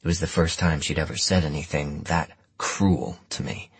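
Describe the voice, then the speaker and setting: Husky low-voiced male narrator. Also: steady tone, normal speed, dry recording. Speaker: audiobook narrator. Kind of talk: scripted first-person narration.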